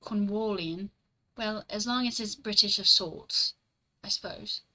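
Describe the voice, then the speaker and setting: A young woman streamer chats loosely with her viewers, answering their messages as she goes. Her voice is bright and forward, sitting at a middle pitch. She rambles casually, drops the odd swear word and laughs easily. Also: fairly even intonation, unhurried, poor audio. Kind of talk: casual live-stream chat, reading and answering chat.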